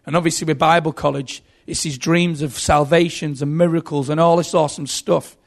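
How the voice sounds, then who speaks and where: Gravelly preacher telling stories. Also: male voice, a little high, a little fast. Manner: animated storytelling, dramatic buildups. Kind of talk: sermon.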